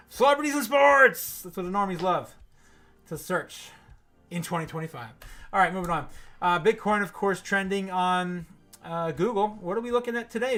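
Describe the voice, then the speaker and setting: Bright-voiced, giggly man hosting a stream. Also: sits high. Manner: laughs often at his own jokes, rambling. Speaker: host. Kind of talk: casual livestream commentary.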